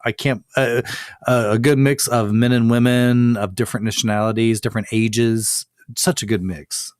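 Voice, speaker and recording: A man's voice: medium pitch, fairly even intonation, normal speed, no echo, studio quality. A man co-hosting a podcast, chatting casually in a rambling, self-amused way with frequent restarts. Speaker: podcast co-host. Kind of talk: casual chat.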